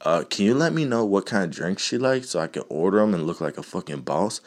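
A man's voice: low-pitched, lively intonation, a little fast. A man voicing a brash young male buddy on a phone call, crude and swaggering in a comedy skit. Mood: bragging.

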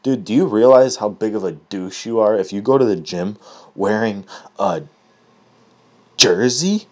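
A man telling a comedic story in an animated, profane way, laughing at his own jokes. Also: fairly low pitch, measured pace.

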